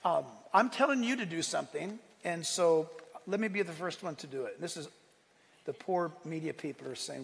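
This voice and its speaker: A male pastor preaching a sermon, animated, swinging from loud exclaiming to quiet asides and laughing often. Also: fairly high pitch, moderate pace, vocal fry. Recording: long hall reverb.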